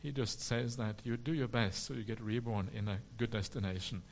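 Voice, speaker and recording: Relaxed monk answering questions. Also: male voice, mid-range voice, a little fast, vocal fry, slight background noise. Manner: relaxed and humorous, frequent "uh" fillers. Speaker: Buddhist monk teacher. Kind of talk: dharma talk question and answer.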